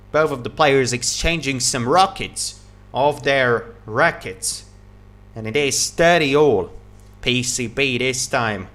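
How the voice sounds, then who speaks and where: This is live tennis play-by-play from a man with a medium pitch, who quickly names every shot. He's excited, especially at big points, and repeats his praise.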